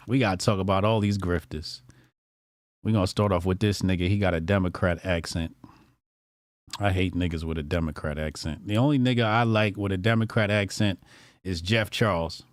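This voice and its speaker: A man's voice: lowish voice, dry recording, clean studio sound. A man hosting a casual commentary show, brash, profane and mocking.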